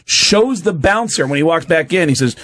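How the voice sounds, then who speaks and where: A man's voice: a little high, expressive, moderate pace, fairly bright tone, no echo. A man in a radio studio telling a story in casual chat, acting out the other people's voices. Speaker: comedian on a radio show.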